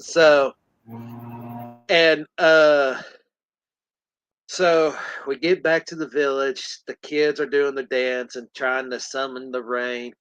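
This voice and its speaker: A man hosting a podcast, recapping a film in animated, casual storytelling full of laughter. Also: medium pitch, takes it slowly, long pauses, clean tone, no room sound, highs cut off. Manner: animated storytelling, laughs often, acts out scenes. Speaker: podcast host.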